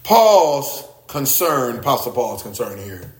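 A man preaching a sermon, swinging between loud exclamations and low, quiet asides, often repeating and restarting his words. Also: big pitch swings, slow, echoey room.

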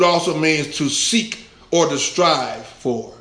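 Guy preaching in a big echoey church, high voice, playful, does little voices for quotes. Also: measured pace. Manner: lively, conversational preaching with acted-out quotes and laughs. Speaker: pastor. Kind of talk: sermon. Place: large church sanctuary.

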